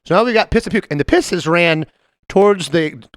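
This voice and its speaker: A man co-hosting a podcast, telling a story in casual chat, animated and laughing often as he acts out the people in it. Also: sits high, fairly quick, clean tone, no room sound, studio quality. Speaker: podcast co-host.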